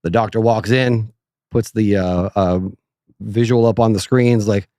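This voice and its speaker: A man's voice: fairly low pitch, steady tone, measured pace, dark tone, no room sound, studio quality. A middle-aged man from Kentucky, co-hosting a casual podcast chat, telling stories in a laid-back way with many fillers. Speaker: podcast co-host.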